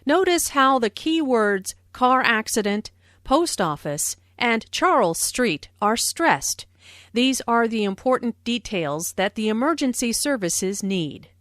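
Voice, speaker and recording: A woman explaining English phrases in a scripted lesson, with slow, careful and clearly stressed speech. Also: fairly high pitch, a bit bright, no room sound, clean studio sound. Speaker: English teacher. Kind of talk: scripted lesson narration and dialogue.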